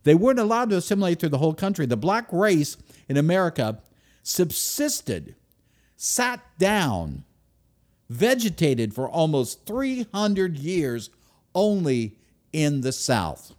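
A man giving a speech to an audience, emphatic, with sudden loud stresses and drops to a near-whisper. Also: fairly high pitch, very animated, measured pace. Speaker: speaker.

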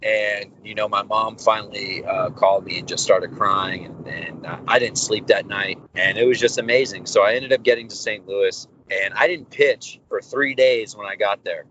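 A young adult man, a baseball pitcher being interviewed, telling his story casually and acting out the dialogue as he goes. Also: normal speed, hardly any pauses. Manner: animated, candid storyteller acting out quoted dialogue. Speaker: professional baseball pitcher, guest. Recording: dull lo-fi audio with faint background noise.

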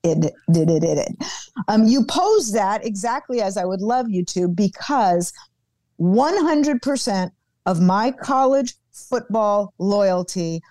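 A woman being interviewed as a guest on a podcast, who talks in an animated, emphatic way and repeats words for stress. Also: medium pitch, slow, dry recording. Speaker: guest, former football team executive.

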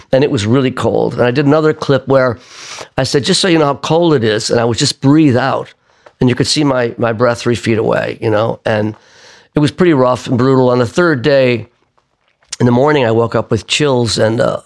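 A man's voice: mid-range voice, moderate pace. An older man telling a long story in a casual, rambling way, often restarting his sentences. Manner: rambling, self-correcting raconteur. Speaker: singer-songwriter guest.

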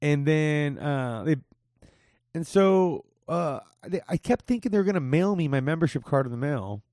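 A man's voice: fairly high pitch, expressive, normal speed, darkish tone, no room sound, clean studio sound. A young man hosting a podcast in casual chat, laid-back and profane, calling his guest dude. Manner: laid-back, swears a lot, says dude often. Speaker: podcast host. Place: home in Las Vegas.

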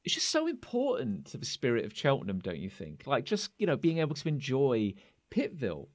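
A man voicing an overfamiliar male knight champion who flatters and wheedles. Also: medium pitch, fairly quick. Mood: wheedling.

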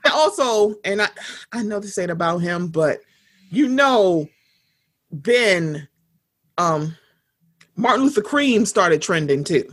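Husky-voiced woman, blunt chatty co-host. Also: medium pitch, slow, long pauses. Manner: blunt, profane, animated storytelling. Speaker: podcast co-host. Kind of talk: casual chat.

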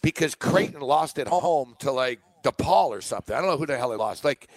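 A man co-hosting a sports betting podcast, animated and opinionated, often laughing. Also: a little high, fairly quick, no echo, rough recording. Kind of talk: casual sports betting chat.

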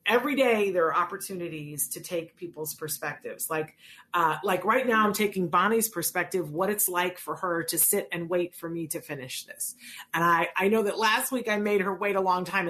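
Middle-aged female talk host, low-ish voice, chatty and earnest, rambles with fillers. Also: a bit bright. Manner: chatty and earnest, lots of fillers and self-corrections. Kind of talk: casual talk show monologue.

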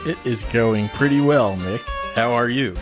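A man's voice: medium pitch, a little slow, music in the background. A man from the Midwest co-hosting a casual film podcast, talking hesitantly with lots of ums and easy laughs. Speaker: podcast co-host.

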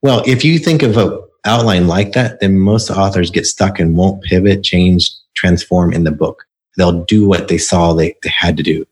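A man's voice: deep voice, normal speed. A man, a book coach, talking in a casual interview and explaining his process through stories and examples.

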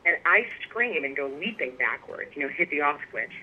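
A woman guest telling stories in a casual interview, animated and laughing often. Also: low voice, moderate pace, slightly rough. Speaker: guest, pipe maker. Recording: tinny phone line.

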